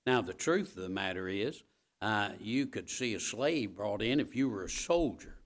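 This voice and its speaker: A man preaching a sermon, addressing the congregation directly, repeating key phrases and building to loud, emphatic peaks. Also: fairly low pitch, lively intonation, normal speed. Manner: talks straight to the congregation with asides like "all right?".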